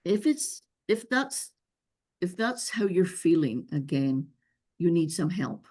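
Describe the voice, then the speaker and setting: Over a video call, a visa expert fields webinar questions, her advice earnest and emphatic. She has a noticeable non-local accent, and her fairly low voice is slow, sing-song, and darkish in tone.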